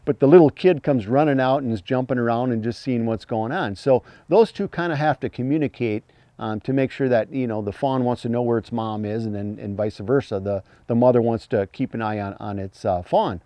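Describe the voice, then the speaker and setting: A man teaching hunting calls in a plain-spoken, folksy way, breaking into high imitated fawn cries as he explains. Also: a little fast, mellow, no echo. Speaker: hunting call instructor. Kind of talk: instructional talk.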